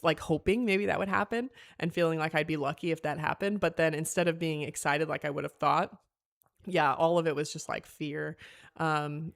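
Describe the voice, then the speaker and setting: A young woman telling a personal story in a casual, animated way, acting out what others said. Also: on the low side. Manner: animated, acts out quoted voices, many fillers. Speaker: podcast guest telling her birth story.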